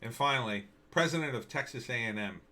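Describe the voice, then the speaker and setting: A man giving solo political commentary on news and video clips, indignant and halting, repeating himself and restarting his sentences. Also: medium pitch, lively intonation, sharp tone.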